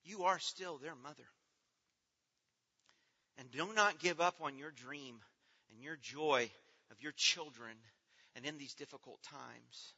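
Bright-voiced man preaching in a reverberant hall. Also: on the high side, measured pace, pauses often, slightly rough. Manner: earnest, swings from hushed to loud and pleading. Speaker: pastor. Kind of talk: sermon. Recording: dull sound with long hall reverb.

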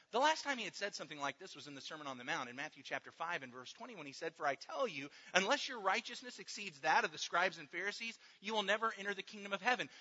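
A man preaching a sermon, swinging between loud emphatic lines and hushed ones. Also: high voice. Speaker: pastor. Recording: dull echoey hall.

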